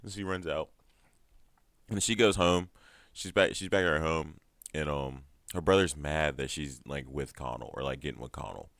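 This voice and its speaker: A man's voice: extremely low pitch, moderate pace, a bit bright, dry recording, clean studio sound. A man casually recapping a TV series episode, profane and laughing often. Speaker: show recap vlogger.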